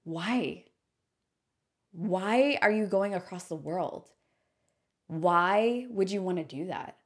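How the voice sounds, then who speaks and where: Woman doing a worried, doubting friend, questioning, low-ish voice. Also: warm tone.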